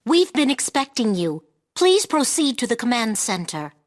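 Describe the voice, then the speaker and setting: A courteous soldier officer addresses a summoner formally in a game. Her voice sits a little high. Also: sing-song, normal speed. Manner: polite, formal.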